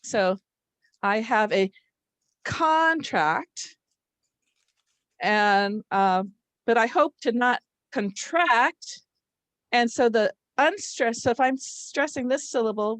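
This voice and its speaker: Woman instructor, fairly high voice, dry close sound, explains and models stressed syllables for teachers. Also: dry recording. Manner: explanatory, demonstrates word stress aloud. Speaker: literacy instructor leading a workshop. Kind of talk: live online workshop teaching.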